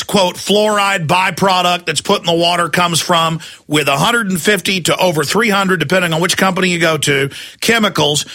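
High, bright ranting male radio host. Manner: ranting, shouting, sarcastic. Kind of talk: angry talk-radio rant.

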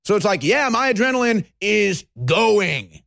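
A man with a high, lively voice rants at his audience, sighing and slipping into mocking voices. He hosts his own show, and the sound is dry and close. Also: vocal fry, no echo. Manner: fast, animated, mocking voices, sighs. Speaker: host. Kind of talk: ranting monologue.

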